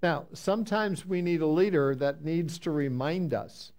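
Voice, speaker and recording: A man preaching a Bible-teaching sermon, reading scripture slowly with emphasis and then explaining it in a conversational way, sometimes answering his congregation. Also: fairly high pitch, darkish tone. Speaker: pastor.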